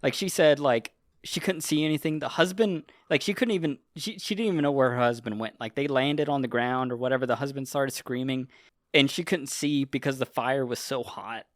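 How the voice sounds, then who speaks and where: A man's voice: medium pitch, fairly quick, no echo, studio quality. A man chatting casually as a podcast host, retelling a story in a loose, rambling way with lots of swearing and filler. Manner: rambling, profane, heavy use of "like". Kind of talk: casual chat.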